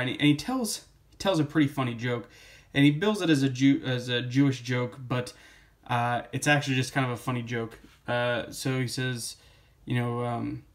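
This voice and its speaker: A young man reviewing a comic book in a casual, rambling way, with many fillers and quotes read aloud. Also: mid-range voice.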